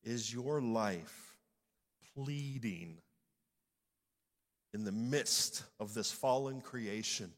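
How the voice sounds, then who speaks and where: A man preaching a sermon as pastor, building from measured speech to loud, emphatic peaks. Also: medium pitch, lively intonation, big-room sound.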